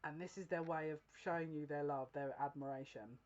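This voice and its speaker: A woman's voice: low-pitched, fairly even intonation, darkish tone, dull audio. Giggling woman giving a psychic reading. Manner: keeps breaking into giggles, halting restarts; earnest, confiding, direct address to viewer. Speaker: psychic reader. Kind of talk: casual tarot-style general reading to camera.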